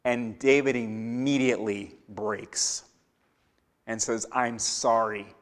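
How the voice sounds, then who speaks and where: A man gives a Torah teaching in a church hall whose long reverb trails after his words. He moves between plain explanation and acted-out lines for the characters in the story. His voice sits at an ordinary pitch for a man. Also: little pitch movement, slow. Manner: acts out biblical characters' lines with shifting voice. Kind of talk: Bible teaching. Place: church sanctuary.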